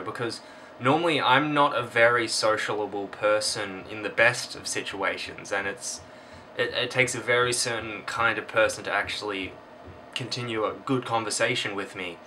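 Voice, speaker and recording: A man's voice: fairly low pitch, moderate pace, bright, forceful tone. A young man, hosting a casual vlog in a dry, reflective way. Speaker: vlog host. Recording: distant from the mic, faint background noise.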